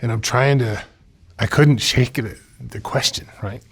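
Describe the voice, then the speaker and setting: A man recounts his own past in a sit-down interview, blunt and unfiltered, swearing freely. His voice is husky, with a slightly low, everyday pitch. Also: steady tone, a little slow. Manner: blunt, profane, candid storytelling. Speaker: interview guest. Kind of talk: personal life story in a sit-down interview.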